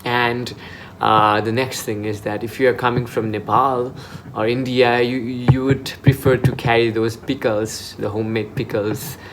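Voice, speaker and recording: A man's voice: medium pitch, little pitch movement, unhurried, noisy background. Chatty young man vlogging. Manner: chatty and informal, with frequent restarts. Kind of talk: casual advice vlog. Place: in Dubai.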